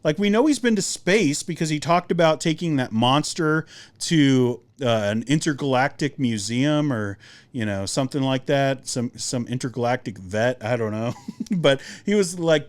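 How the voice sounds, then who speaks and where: A young man hosting a podcast, giving a casual, rambling movie review with lots of fillers and animated jumps in his voice. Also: medium pitch, normal speed. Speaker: podcast host.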